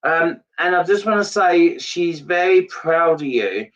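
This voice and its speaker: A man's voice: a little high, animated, a little slow, fairly bright tone, far from the mic, lo-fi sound. A man giving a live psychic reading, earnest and repetitive in his phrasing. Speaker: medium.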